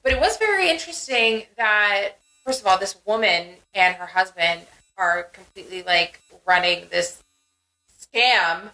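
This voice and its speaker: A young woman co-hosting a podcast in casual chat, talking in a chatty, animated way with lots of fillers. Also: mid-range voice, a little slow, rough recording. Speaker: podcast co-host.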